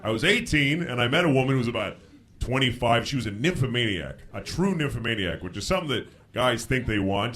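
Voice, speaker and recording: Animated stand-up comedian, live crowd. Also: male voice, mid-range voice, a little fast. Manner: frank, animated storytelling with shouted impressions. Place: theater stage before a live audience. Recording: live show with audience laughter. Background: audience laughter.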